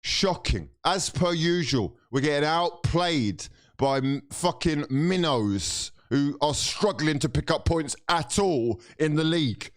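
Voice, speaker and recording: Here a young man who vlogs as a football fan vents his exasperation at his team, swearing throughout his reaction rant. He's animated but slow, his voice jumping from incredulous shouting down to sour, low grumbling.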